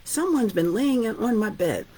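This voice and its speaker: An indignant big father bear from a storybook tale, put on by a woman telling it. He grumbles his complaints with affronted emphasis. The voice is slightly husky. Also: a little high, lively intonation, normal speed, warm tone.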